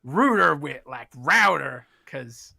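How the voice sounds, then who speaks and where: A man's voice: a little high, animated, moderate pace, bright, forceful tone, no echo, clean studio sound. A British man co-hosting a gaming podcast, chatting casually in a playful, teasing way. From United Kingdom. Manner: playful, teasing, laughs often. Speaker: podcast co-host.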